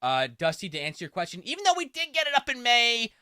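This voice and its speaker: A man co-hosting a casual livestream, talking in an animated, profane, joking way. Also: very high-pitched, fast, smooth, no room sound, studio quality. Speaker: podcast co-host.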